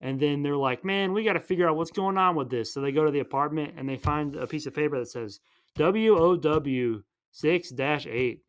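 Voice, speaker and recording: A man casually retelling a movie plot as a podcast host, rambling and playful, tossing in quick voices for each character. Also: on the high side, a bit bright, clear, resonant tone.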